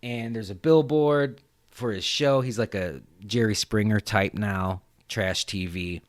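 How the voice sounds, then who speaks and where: A man's voice: on the low side, unhurried, dry recording. A man hosting a podcast, recapping a movie scene in a casual, rambling way with lots of swearing. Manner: animated, profane, rambling. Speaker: podcast host.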